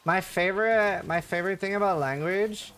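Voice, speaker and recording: Chatty higher-voiced male streamer. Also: normal speed, a bit bright, smooth. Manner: rambling, laughing storyteller. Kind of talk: casual livestream chat.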